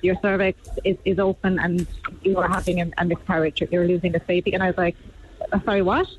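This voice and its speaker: A woman calling in to a radio show, telling a personal story in a halting, heartfelt way. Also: on the low side, level tone, husky. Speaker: caller. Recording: dull phone line.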